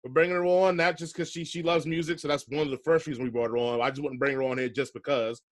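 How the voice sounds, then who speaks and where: A man hosting a casual music chat, relaxed and slangy, laughing often. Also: medium pitch, fast. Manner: laid-back slangy talk, laughs often. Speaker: podcast host.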